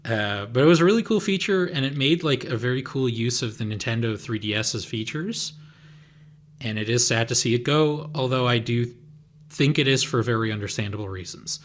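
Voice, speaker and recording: A man with a mid-range voice co-hosts a podcast in casual chat. He often restarts his sentences and fills pauses with "like". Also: medium pitch. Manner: hesitant, repeats words, fills with "like". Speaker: podcast co-host.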